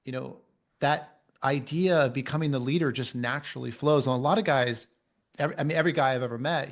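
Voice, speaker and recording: A man speaking as a guest coach on a men's mentoring video call, emphatic and repeating his key phrases. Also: medium pitch. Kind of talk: motivational coaching talk.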